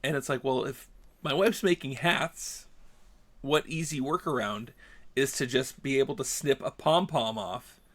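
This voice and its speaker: A man's voice: medium pitch, unhurried. A man on a podcast, casually telling a story and acting out the dialogue with rising animation. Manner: animated, acts out dialogue, gets heated. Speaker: podcast host.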